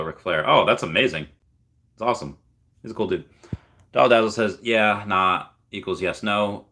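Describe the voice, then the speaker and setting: A man with a low, deep voice hosts a casual livestream, reading viewer comments aloud one after another. He answers in a loose, chatty way and repeats words while he works out what to say. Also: fairly bright tone. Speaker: livestream host.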